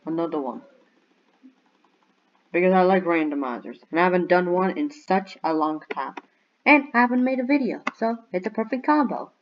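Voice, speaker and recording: A young woman giving bubbly, excitable commentary on a video game and cheering at her finds. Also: fairly low pitch, brisk, muffled recording, a little hiss or hum. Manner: bubbly, excitable, squeals and shouts in surprise. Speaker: gaming YouTuber.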